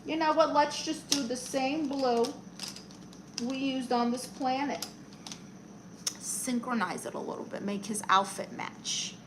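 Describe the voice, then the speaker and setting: Playing a brash middle-aged aunt who claims to be a therapist, a woman chats on a comedic live stream while coloring and reading the chat. Her high voice moves a little slowly against background noise.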